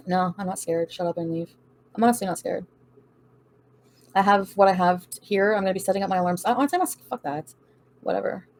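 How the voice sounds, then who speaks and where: On a casual livestream, the female host reads viewer comments aloud and answers bluntly, defiantly and with plenty of swearing, often laughing. Her voice is on the low side with a darkish tone.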